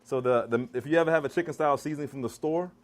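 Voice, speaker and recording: A man's voice: medium pitch, rapid-fire. A man giving a vegan cooking demonstration to a live audience, calling out to the crowd like a preacher. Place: church hall kitchen.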